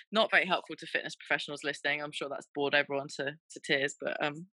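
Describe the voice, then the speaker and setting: A woman's voice: sits low, quick pace, sharp tone, no echo, low-quality recording. A woman in her thirties, a fitness presenter guesting on a podcast, telling stories candidly with frequent laughter. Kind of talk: casual chat.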